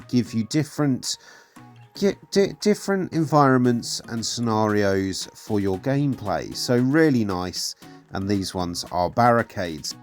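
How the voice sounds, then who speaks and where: A chatty man of middle pitch hosts a casual review of hobby magazines. He talks in an upbeat, easygoing way, often pausing on fillers, while faint music plays underneath. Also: a little mellow. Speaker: hobby channel host.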